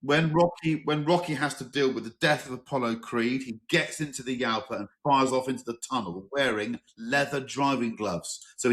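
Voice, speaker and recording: A middle-aged English man hosting a car podcast in a relaxed, chatty way, telling enthusiastic anecdotes. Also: mid-range voice. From England. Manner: chatty, enthusiastic, tells anecdotes, exaggerated quoted voices. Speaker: podcast host. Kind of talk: casual chat.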